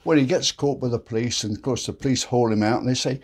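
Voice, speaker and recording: A man's voice: mid-range voice, fast, few pauses, darkish tone, breathy edge. A man hosting a daily joke show, telling jokes in a chatty, folksy storyteller manner. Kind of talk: casual joke telling to camera.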